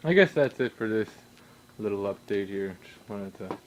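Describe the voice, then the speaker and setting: A young man rambling casually in his home workshop, swearing a lot and breaking into sudden loud outbursts. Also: fairly low pitch, lively intonation, normal speed, slight background noise, poor audio. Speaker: vlogger.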